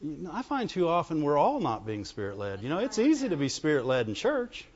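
A man's voice: fairly high pitch, wildly swooping pitch, fairly quick. A man preaching a folksy sermon in church, calling out to the congregation for amens as he goes. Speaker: pastor. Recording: dull lo-fi recording with long reverb.

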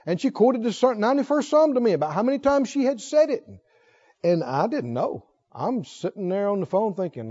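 Preacher, male, high voice, storytelling sermon delivery with hushed and emphatic turns, dull lo-fi recording. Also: big pitch swings, normal speed, husky, big-room sound. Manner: storytelling, swings between soft low asides and loud emphatic lines.

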